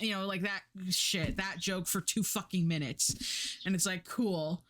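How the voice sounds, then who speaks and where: A woman's voice: medium pitch, steady tone, normal speed, a bit bright. A woman streamer chatting casually and profanely, rambling with many fillers and acting out quoted characters.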